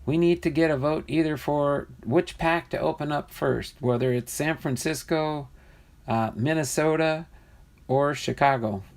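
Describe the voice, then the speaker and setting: Opening trading card packs on a live stream, a man with a fairly high voice takes an unhurried pace. He's casual and chatty, easily amused as he reads his viewers' comments out loud.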